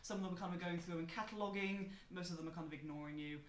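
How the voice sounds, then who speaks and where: Relaxed game master narrating a scene. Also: medium pitch, racing. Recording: echoey room, faint noise.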